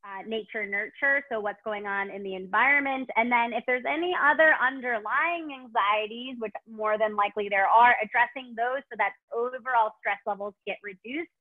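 A woman's voice: a little high, normal speed, few pauses. Chicago-accented woman on a tinny call. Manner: gushing, rambling, many ums. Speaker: dog trainer guest. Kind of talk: webinar Q&A answers. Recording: tinny phone-like call audio.

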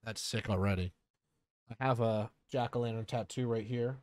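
A male streamer chatting casually and excitedly while playing a game, often swearing when surprised. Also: lowish voice, normal speed, dry recording. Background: game music.

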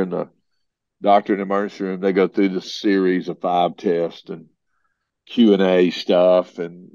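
Middle-aged guy with a deep gravelly voice, folksy storyteller, dull lo-fi sound. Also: no room sound. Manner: folksy, animated when quoting others. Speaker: podcast guest. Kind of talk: conversational storytelling.

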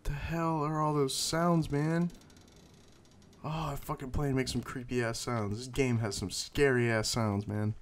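A man hosting casual gameplay commentary, swearing freely and yelling at in-game scares. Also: medium pitch, fairly even intonation, unhurried. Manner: profane, shrieks and yells at in-game scares. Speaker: gaming channel host.

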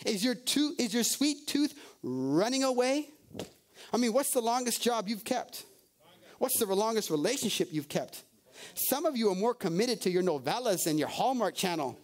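A male pastor preaching a sermon, firing off rhetorical questions and calling out to the congregation. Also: high-pitched. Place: church service.

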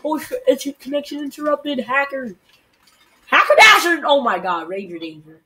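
Teen gamer doing live commentary: high, bouncy voice that jumps all over and breaks into loud, swearing rants. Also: big pitch swings, normal speed, a little hiss or hum. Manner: frustrated, swearing, loud outbursts. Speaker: gamer recording a video.

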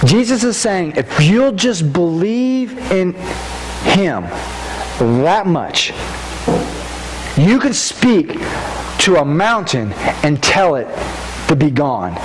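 A male pastor preaching with fervor, his voice sitting high for a man. He breaks into loud, emphatic bursts and often repeats his first words as he builds a sentence. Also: very animated, slow, pauses often, noisy background. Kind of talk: sermon.

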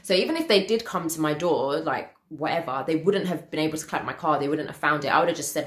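A British woman in her twenties telling a personal story in a casual, animated way, acting out what people said. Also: deep voice, a little fast, roomy sound. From United Kingdom. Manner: animated, acts out quotes, laughs often. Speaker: vlogger.

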